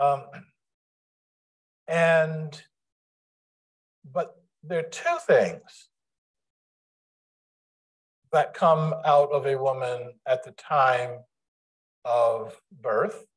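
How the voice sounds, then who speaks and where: A man giving a public lecture to a live audience in a room, speaking deliberately with frequent restarts. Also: mid-range voice, low-quality recording. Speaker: guest lecturer.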